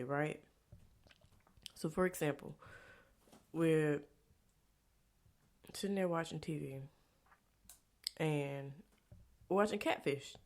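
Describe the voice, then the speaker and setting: Profane, blunt woman with a gravelly voice. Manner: blunt and profane, swings between low confiding and loud exasperated outbursts; rhetorical tag questions. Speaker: vlogger. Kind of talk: candid storytime monologue.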